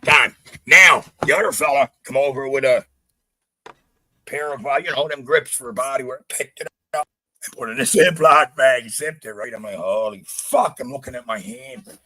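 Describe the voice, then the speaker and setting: A man's voice: mid-range voice, normal speed, slight background noise, poor audio. A man from Canada telling a gritty story in casual podcast chat, blunt and full of swearing. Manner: profane, blunt, animated retelling. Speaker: podcast guest.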